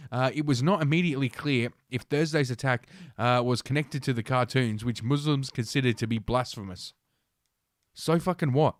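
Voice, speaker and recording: A man's voice: mid-range voice, no echo. Sarcastic man reading news, dry sound. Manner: sarcastic, halting, many filler sounds. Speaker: podcast host. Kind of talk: reading news aloud with mocking commentary.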